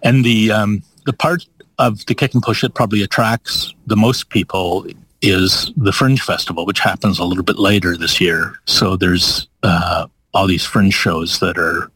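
A man's voice: low voice, steady tone, a little slow, a bit bright, husky, no room sound, poor audio. A man, a professor and director, talking thoughtfully and a bit meanderingly as an interview guest. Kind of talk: casual interview.

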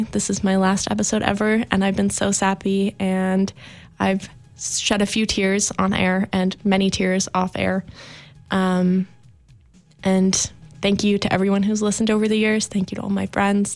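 Young woman hosting campus radio, monotone. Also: mid-range voice. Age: young adult. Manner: rambling, filler-heavy, heartfelt. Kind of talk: sentimental farewell radio chat.

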